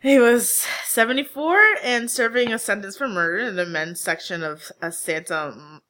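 A woman's voice: medium pitch, normal speed, fairly bright tone. A woman co-hosting a podcast in casual chat, answering briefly and laughing along. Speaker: podcast co-host.

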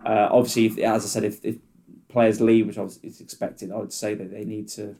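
A man's voice: fairly low pitch, little pitch movement, fairly quick, warm tone. A man who reports on football, chatting casually on a podcast, hesitant and full of restarts. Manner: hesitant, with many restarts and fillers.

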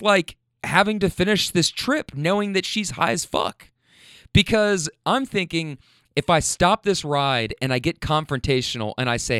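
Animated, profane young man telling a story. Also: sits high, smooth, no room sound, clean studio sound. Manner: animated, profane, rambling with restarts. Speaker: rideshare driver telling a story. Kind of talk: casual storytelling vlog.

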